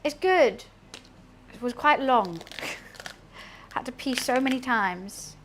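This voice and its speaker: A young British woman chatting casually while she cooks on a live stream, answering chat in a deadpan way. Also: fairly high pitch, takes it slowly, slight background noise. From United Kingdom.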